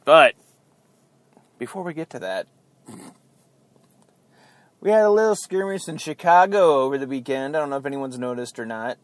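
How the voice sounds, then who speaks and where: A man's voice: mid-range voice, fairly quick, pauses often, a little mellow, no room sound. A man hosting a casual talk show, chatty, laughing at himself and hyping up his listeners. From Ohio. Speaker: podcast host.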